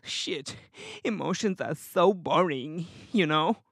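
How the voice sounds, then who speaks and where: A man's voice: a little high, moderate pace, a bit bright, no echo, clean studio sound, close to an everyday voice. A man voicing a shallow, flighty young woman who chatters in a valley-girl way in a comedy sketch. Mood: vain.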